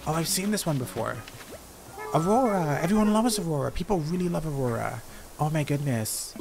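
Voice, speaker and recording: A man's voice: fairly high pitch, expressive, brisk, vocal fry. A man giving playful, chatty commentary while streaming a game, talking back to the characters on screen. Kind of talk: casual gameplay commentary. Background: game music.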